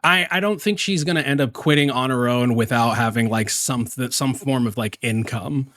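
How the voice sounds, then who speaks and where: A man's voice: medium pitch, normal speed, fairly bright tone, no room sound, clean studio sound. A man giving casual, rambling commentary while reacting to a stream clip, with some swearing.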